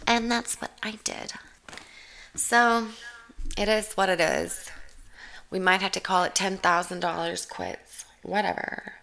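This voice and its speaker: A woman's voice: medium pitch, steady tone, slow pace, gravelly, pauses often, a bit bright, slight background noise. A woman giving casual reaction commentary while watching a show, sarcastic and profane, with rambling asides.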